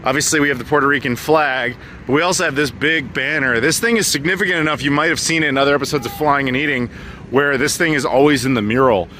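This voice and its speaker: A male travel vlog host who talks quickly and jokes at his own expense. His voice has a crisp, forceful brightness. A faint hum of noise sits behind him. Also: mid-range voice. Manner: joking, self-mocking. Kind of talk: casual chat.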